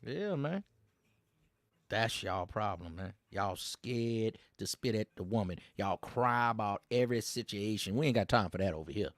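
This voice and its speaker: Man, gravelly voice, lively up-and-down delivery, teasing slangy rant, bone-dry sound. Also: fairly low pitch, moderate pace, no room sound. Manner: mocking, animated, slangy. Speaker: host. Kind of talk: casual commentary rant.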